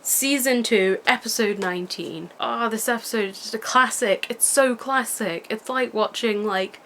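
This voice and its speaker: This young woman's voice is on the high side, fairly bright, at a normal speed, with a little hiss or hum. Talking to her camera at home, she chats in a rambling vlog style, enthusiastically gushing over the things she loves, picked up by the camera mic.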